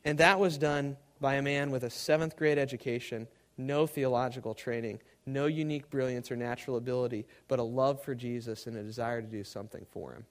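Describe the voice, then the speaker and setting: A man preaching a sermon to a live congregation, swinging between loud emphasis and hushed, quiet tones. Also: mid-range voice, fairly even intonation, a little fast, few pauses.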